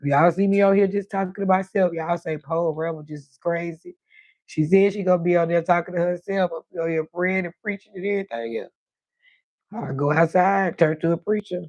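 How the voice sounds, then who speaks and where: A woman's voice: lowish voice, steady tone, a little fast, a little mellow. Chatty woman hosting a live stream. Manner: chatty, talks straight to her chat. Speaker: livestream host. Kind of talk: casual live chat with viewers.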